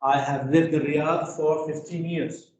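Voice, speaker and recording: A man teaching an English grammar lesson, asking the class rhetorical questions and filling pauses with "you know". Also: on the high side, steady tone, darkish tone, recorded from a distance, slight background noise. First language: Arabic. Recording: echoey classroom taped from afar.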